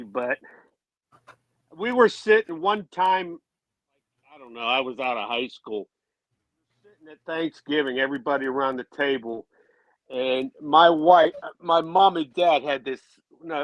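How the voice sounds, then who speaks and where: A man's voice: medium pitch, normal speed, dry recording, muffled recording. A middle-aged man telling laid-back anecdotes about his youth in a casual chat, chuckling now and then.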